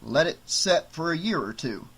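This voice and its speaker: A man's voice: on the high side, sing-song, moderate pace, creaky, slightly rough, exaggerated voice. A man voicing a playful, joking husband who hams things up. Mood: jokey. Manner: jokey, bright, hamming it up.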